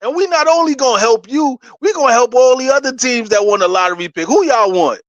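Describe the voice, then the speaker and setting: A middle-aged man with a New York accent boasts and trash-talks in a loose, casual way, laughing between his points. His voice sits high for a man, and the sound is close and dry, with no room echo. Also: animated, a little fast, dull audio. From New York City. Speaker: sports channel host. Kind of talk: casual fan commentary.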